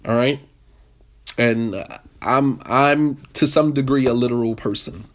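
A man giving a lively, interactive talk on marriage to a group, questioning the audience and repeating points for emphasis. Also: mid-range voice, unhurried. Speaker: marriage workshop speaker.

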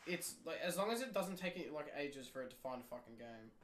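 A man's voice: a little high, animated, a little fast, a bit bright. A man co-hosting a casual gaming podcast, hedging with many fillers and swearing. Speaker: podcast co-host. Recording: roomy sound with faint noise.

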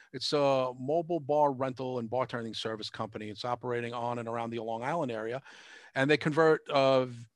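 This man hosts a casual podcast, his medium-pitched voice sitting in a normal middle range. He chats his way through plugs at a rambling pace, peppered with many uh's and other fillers, in a dry, close recording free of room sound.

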